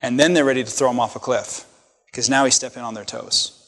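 A man's voice: medium pitch, steady tone, quick pace, big-room sound. A male pastor preaching a sermon to his congregation, emphatic, with rhetorical questions and repeated phrases. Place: church sanctuary.

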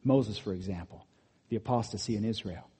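A man preaching a sermon, animated, rising to emphatic peaks and dropping to quiet asides. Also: on the low side, brisk, breathy edge. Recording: long hall reverb.

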